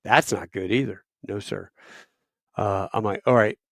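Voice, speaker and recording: Gravelly man telling a war story. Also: on the low side, unhurried, no echo, studio quality. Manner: profane, loud bursts and quiet asides. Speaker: podcast guest. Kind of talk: casual storytelling.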